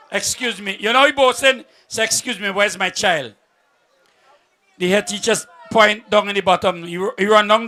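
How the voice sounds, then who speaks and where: A man with a Vincentian accent telling jokes at an outdoor event, a lively storyteller who laughs as he goes. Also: very high voice, smooth. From St Vincent and the Grenadines. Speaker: comedian at a political event. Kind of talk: joke telling.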